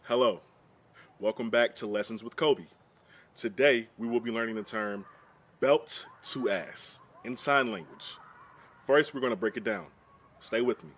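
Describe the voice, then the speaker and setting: A man presenting a deadpan mock lesson in a played comedy clip. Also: mid-range voice. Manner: deadpan, slow.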